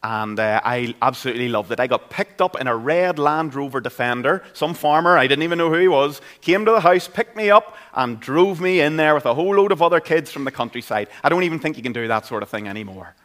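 A man's voice: on the high side, animated, fast, few pauses, a bit bright. A man with a Northern Irish accent preaching a sermon in a church, in an earnest, conversational way. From Northern Ireland. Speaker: pastor.

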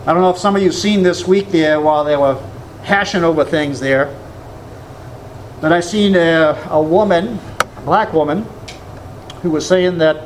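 A man's voice: sits high, expressive, normal speed, slight background noise. A man preaching a sermon, emphatic, quoting scripture and asking rhetorical questions. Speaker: pastor.

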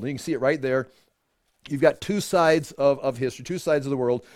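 A man's voice: medium pitch, fairly quick, no room sound, studio quality. Chatty man teaching a Bible study. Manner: conversational, with frequent restarts and chuckles. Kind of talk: informal Bible teaching to a small group.

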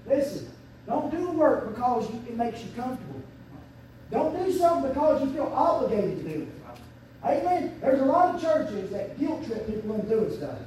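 A man preaching a fervent sermon as pastor, swinging from quiet asides up to loud shouts. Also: very animated, normal speed, slight background noise. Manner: fervent preaching, surging to shouts and dropping low. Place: church sanctuary. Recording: very echoey church sanctuary, mic at a distance.

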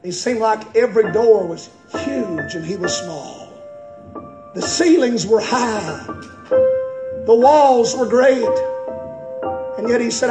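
A man preaching a sermon in a church, impassioned and building to shouts. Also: very high voice. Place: church sanctuary. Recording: echoey church with loud music.

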